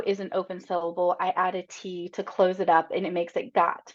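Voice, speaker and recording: A woman's voice: on the low side, little pitch movement, fairly quick, hardly any pauses. A woman in her thirties presenting a reading-instruction webinar in a chatty, encouraging way. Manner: chatty and encouraging, tags statements with "right?". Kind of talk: casual webinar teaching. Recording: slightly dull lo-fi webinar audio.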